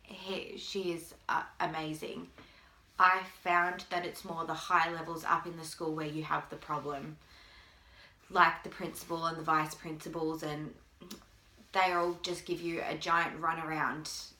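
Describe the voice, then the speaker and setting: A mother talking to camera in a halting way, with long pauses, holding back tears. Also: sits low, flat delivery, sharp tone. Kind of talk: personal video appeal. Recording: echoey room.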